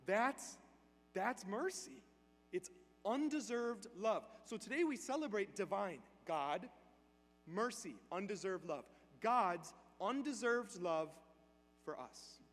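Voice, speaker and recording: A man's voice: sits high, lively intonation, takes it slowly, fairly bright tone. A man giving a homily in a church, telling a story in a conversational way and acting out the dialogue. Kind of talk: storytelling sermon. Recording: long church reverb, faint hum.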